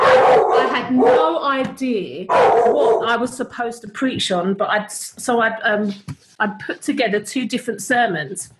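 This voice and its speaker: A chatty middle-aged woman tells a story from home, pitched a little high. She breaks off mid-thought and picks the thread back up. The sound carries a roomy echo from a video call. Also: background noise. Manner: chatty, animated, self-interrupting. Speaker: worship leader.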